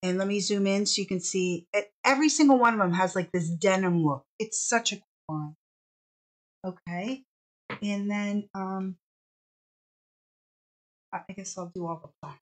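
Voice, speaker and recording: A woman hosting a casual live fabric sale stream, bubbly and chatty, stretching out each product name as she shows it. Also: medium pitch.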